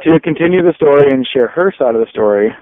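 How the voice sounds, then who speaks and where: A man casually telling a long anecdote on a podcast, in a relaxed, rambling way. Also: mid-range voice, quick pace. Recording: tinny lo-fi phone-like sound.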